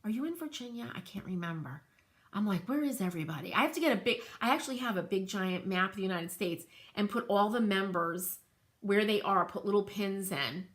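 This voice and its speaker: A middle-aged woman with a New England accent hosting a livestream show and tell, gushing and excitable and laughing often as she reads viewer comments. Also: medium pitch, a little fast. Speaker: host of a furniture painting livestream.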